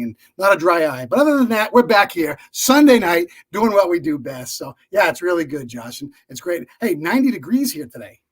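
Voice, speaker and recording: A man's voice: a little high, breathy edge. A middle-aged man co-hosting a live podcast, friendly and chatty, with frequent fillers. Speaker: podcast co-host. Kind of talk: casual live-stream chat.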